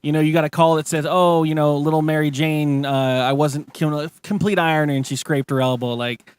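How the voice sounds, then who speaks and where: A man's voice: fairly high pitch, steady tone, normal speed, clean tone, dry recording. A man hosting a casual chat show, rambling and swearing as he retells a story. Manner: profane, rambling, lots of restarts. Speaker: podcast host.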